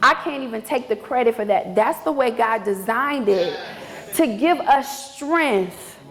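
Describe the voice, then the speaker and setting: A woman's voice: on the high side, lively intonation, unhurried. A woman minister preaching a sermon with emphatic repetition, heard in an echoey church hall. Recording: echoey hall with long reverb.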